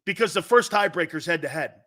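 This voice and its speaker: A middle-aged man hosting a sports talk show, preaching his opinions in a fired-up, profane rant that swings from loud outbursts to low, intense asides and repeats lines for emphasis. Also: lively intonation, quick pace.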